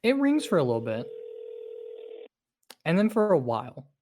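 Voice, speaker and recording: A game master narrating a tabletop role-playing game in a relaxed, conversational way, with casual swearing. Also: medium pitch, moderate pace, noisy background.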